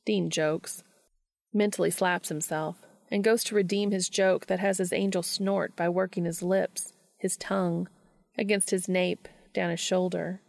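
Low gravelly woman narrator. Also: fairly even intonation, unhurried, darkish tone, dry recording. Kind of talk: scripted audiobook narration.

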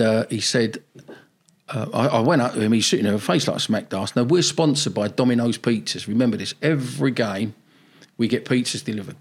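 A man's voice: medium pitch, gravelly, slightly rough. An older man with a South London accent, telling his story bluntly and animatedly in a podcast interview. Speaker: football manager guest.

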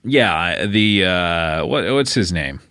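Casting: bright-voiced male podcast host, animated and teasing, dry studio. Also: low-pitched, clear, resonant tone, no echo. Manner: teasing, rambling, quick to laugh. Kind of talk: casual comedic chat.

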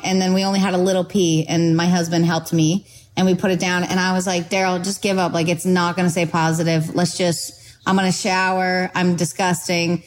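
A woman's voice: on the low side, little pitch movement, a little fast, rough recording. A pregnant young woman telling a story in casual chat, bubbly and giggly. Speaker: guest.

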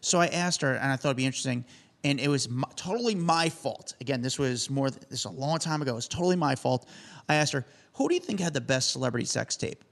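A man co-hosting a casual celebrity news podcast, telling stories in a quick, self-deprecating way. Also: medium pitch, creaky. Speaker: co-host.

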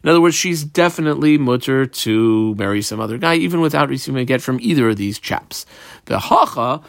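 Gravelly, lively man teaching Talmud. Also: medium pitch, a little fast, dry recording, clean studio sound. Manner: translates line by line, marking up the text as he goes. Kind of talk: daf yomi Talmud class.

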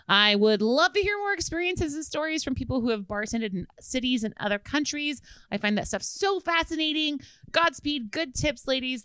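A woman's voice: medium pitch, fairly bright tone, clear, resonant tone, no room sound. A woman co-hosting a podcast, chatting casually, reading out listener letters, laughing often and swearing freely. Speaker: podcast co-host.

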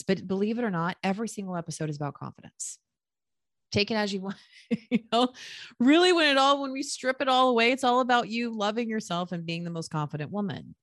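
A woman in her thirties hosting a casual solo podcast, chatty and quick to laugh at herself with lively asides. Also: fairly low pitch, dry recording, studio quality. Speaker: podcast host giving dating advice.

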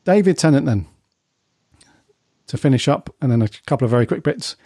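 Male podcast host from Britain, mellow and easygoing, leads the conversation. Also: mid-range voice, a little fast, dry recording, studio quality. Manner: relaxed, leads the discussion. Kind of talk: casual chat.

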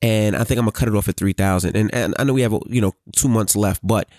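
A man's voice: on the low side, fast talker, dry recording, clean studio sound. A man co-hosting a casual podcast, telling stories animatedly with the odd curse. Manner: animated storytelling, swearing, hums sound effects. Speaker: podcast co-host. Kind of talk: casual chat.

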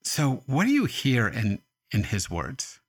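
A man interviewing an author in a calm, thoughtful manner, at times reading quotes aloud. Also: medium pitch, slow pace, no echo. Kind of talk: radio interview.

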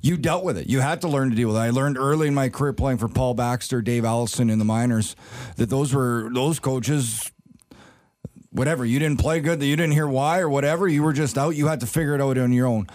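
A middle-aged man, a former player turned hockey analyst, telling animated anecdotes in a sports panel chat. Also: medium pitch, brisk.

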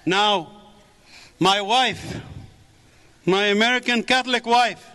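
A man's voice: high voice, takes it slowly, sharp tone, a little hiss or hum. A middle-aged man from the Middle East giving a fervent preached testimony in a church. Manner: fervent, repeats praise.

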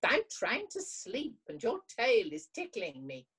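A woman reading a storybook plays a tired, crabby little male hedgehog. He snaps and grumbles, his husky voice lurching up in pitch when he is put out. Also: wildly swooping pitch, slow pace, fairly bright tone, heavily acted. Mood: irritated. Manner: snappish, grumbling.

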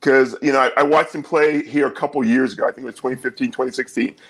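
A man giving his take on football as a guest analyst, measured, with many fillers and repeats. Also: medium pitch, steady tone, fairly bright tone, rough recording. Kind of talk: casual sports talk.

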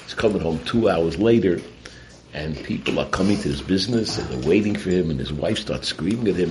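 A man's voice: low-pitched, expressive, fairly quick, darkish tone, a little hiss or hum, poor audio. A man giving a Torah talk full of stories, mixing in Yiddish and Hebrew terms. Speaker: Torah teacher.

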